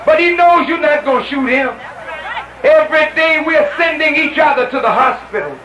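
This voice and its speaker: High, bright-voiced man preaching to a rally. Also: a little hiss or hum. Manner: impassioned, repetitive preaching calls, often shouting. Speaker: minister addressing a rally. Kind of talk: fiery rally speech. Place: outdoor rally through loudspeakers. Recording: echoey lo-fi 1970s rally recording.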